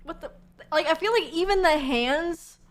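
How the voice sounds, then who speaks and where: A woman's voice: very high voice, expressive, moderate pace. A young woman streamer chatting casually with her viewers, giggly and chatty, with plenty of fillers and swearing.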